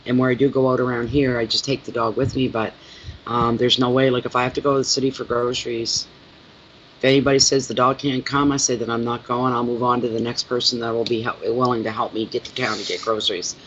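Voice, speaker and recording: A middle-aged man, a tarot reader and channel host, chatting casually with his viewers at home and telling animated stories. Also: medium pitch, quick pace, muffled recording, a little hiss or hum.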